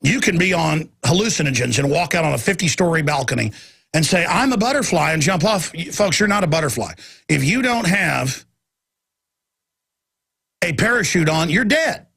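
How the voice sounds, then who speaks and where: Man, talk radio host, high-pitched, husky, ranting monologue. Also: lively intonation, moderate pace, long pauses, a bit bright. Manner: intense and ranting, with repeated phrases and stammered restarts.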